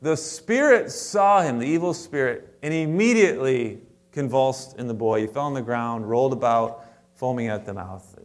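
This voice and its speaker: A man preaching a sermon to his congregation in a conversational way, with restarts and asides, stressing words in sudden louder bursts. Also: mid-range voice, animated, normal speed. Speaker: pastor. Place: church sanctuary before a congregation.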